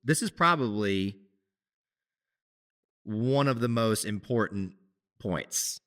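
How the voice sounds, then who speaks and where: A man co-hosting a podcast, talking in a casual, animated way with many restarts. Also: on the low side, takes it slowly. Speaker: podcast co-host, musician. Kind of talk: casual conversation.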